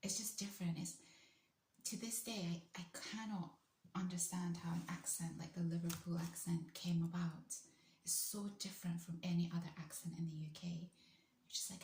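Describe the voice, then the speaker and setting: A woman chatting to camera as a vlogger, enthusiastic and often dropping into a soft whisper. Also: on the low side, steady tone, moderate pace, a little hiss or hum. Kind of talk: casual talk to camera. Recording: roomy echo.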